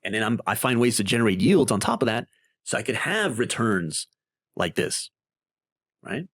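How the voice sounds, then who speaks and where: A man's voice: mid-range voice, normal speed, no room sound, clean studio sound. A man hosting a casual crypto investing walkthrough, talking through his screen in a chatty way and often tagging sentences with "right?". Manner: animated and conversational, with many tag questions. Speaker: crypto investing video host. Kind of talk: casual screen-share explainer.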